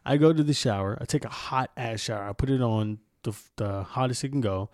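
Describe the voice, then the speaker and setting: A man's voice: mid-range voice, a little fast, darkish tone, dry recording, studio quality. A young man hosting a casual podcast, telling a story in a candid, rambling way with lots of swearing. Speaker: podcast host.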